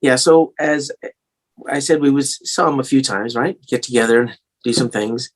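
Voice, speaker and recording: A man's voice: medium pitch, normal speed. A man with a slightly English-tinged American accent, a singer-songwriter telling stories in a casual interview, rambling with many fillers and restarts.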